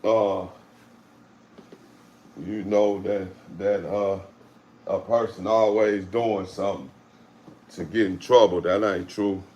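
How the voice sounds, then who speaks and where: A man from St. Louis hosts a casual live chat, speaking in a streetwise way and repeating phrases. His deep, darkish voice is fairly even in intonation, slow and full of long pauses. The recording is muffled and roomy, with faint background noise.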